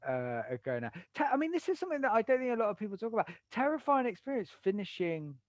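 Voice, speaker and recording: Joking British man, slightly high voice. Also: sing-song, quick pace, no echo. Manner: jokey storyteller, acts out voices in anecdotes. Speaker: guest, stand-up comic and author. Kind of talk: casual podcast chat.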